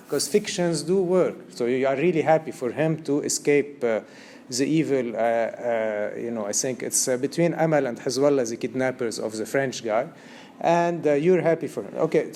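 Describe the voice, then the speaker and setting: A man's voice: mid-range voice, a little mellow, a little hiss or hum. A man giving an art lecture, talking discursively with many fillers and often checking that his students are following. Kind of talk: recorded university-style lecture.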